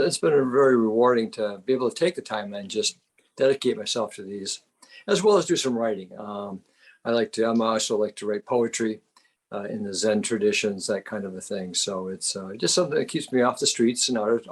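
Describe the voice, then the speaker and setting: An older man with an Upper Midwest accent, from Wisconsin, speaking as a calm, reflective, good-humored interview guest. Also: on the low side, brisk, slightly rough. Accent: Upper Midwest American. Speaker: guest, retired psychotherapist and martial artist. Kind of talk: casual interview chat.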